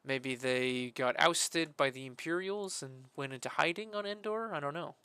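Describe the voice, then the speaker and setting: A man talking casually while he builds a game map, rambling with many fillers and breaking into loud, sweary frustration. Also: on the high side, normal speed, smooth, no room sound. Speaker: modding streamer.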